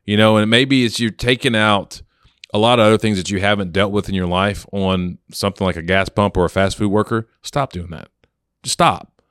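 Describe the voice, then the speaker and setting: A man with a somewhat low voice tells a story in a relaxed, chatty way, acting out the lines of the people in it. He co-hosts a podcast. The sound is dry and close to the mic. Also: brisk, clear, resonant tone, no echo. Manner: relaxed, anecdotal, acts out quotes. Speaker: podcast co-host. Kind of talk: casual storytelling.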